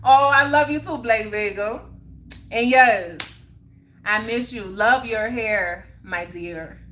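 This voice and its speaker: A woman's voice: on the high side, takes it slowly, a bit bright, slight background noise. A woman hosting a casual livestream, chatting with viewers and preaching accountability with frequent laughter. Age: young adult or middle-aged mother. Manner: motivational, preachy about accountability, laughs often. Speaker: livestream host reading viewer comments.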